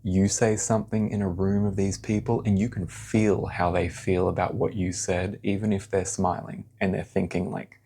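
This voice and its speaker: A man doing a pick-a-card tarot reading, talking in a blunt, animated, casual way and swearing now and then. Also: deep voice, moderate pace, hardly any pauses, slight background noise.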